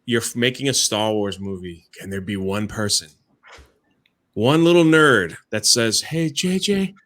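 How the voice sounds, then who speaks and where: A man co-hosting a casual live-stream chat, excitable and rambling, full of "like" and "freaking". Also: on the low side, measured pace. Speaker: podcast co-host.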